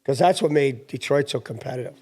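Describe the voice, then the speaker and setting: A man's voice: mid-range voice, brisk, darkish tone. A man co-hosting a podcast, chiming in with short remarks during a casual conversation. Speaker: podcast co-host. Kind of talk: casual chat.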